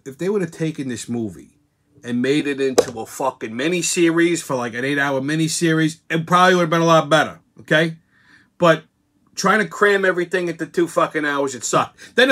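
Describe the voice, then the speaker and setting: A man's voice: mid-range voice, fairly bright tone. A man hosting his show, ranting bluntly and crudely about a movie with constant swearing. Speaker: show host. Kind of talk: profane movie rant.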